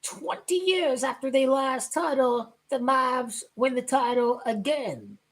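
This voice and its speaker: A woman ranting about basketball as a sports vlogger, loud and excitable, often shouting and repeating herself. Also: high-pitched, slow pace.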